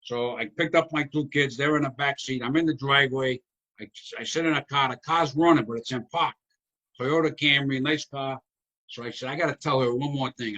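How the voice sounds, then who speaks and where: An older man from Rhode Island hosts a relaxed chat, spinning long, rambling comic anecdotes with animated energy. His voice sounds bright and forward, at an ordinary middle pitch. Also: highs cut off. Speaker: host. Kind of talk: casual chat storytelling.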